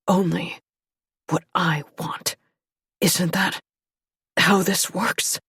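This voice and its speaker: A woman doing a wounded man's low, husky near-whisper. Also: fairly even intonation, drawn-out words, sharp tone, dry recording, studio quality, heavily acted. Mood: bitter, pained. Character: wounded young man, bitter and weakened.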